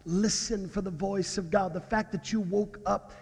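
A man's voice: high-pitched, steady tone, normal speed, vocal fry, breathy edge. A male pastor preaching a sermon, with dramatic swings down to near-whispers and stammering restarts. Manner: dramatic dynamics, dropping to hushed near-whispers. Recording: reverberant hall.

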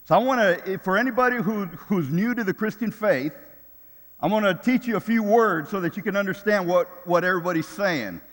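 A man's voice: high-pitched, brisk, fairly bright tone, long reverb tail. An older man preaching a sermon in a casual, conversational way, often repeating words as he finds his phrasing. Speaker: pastor.

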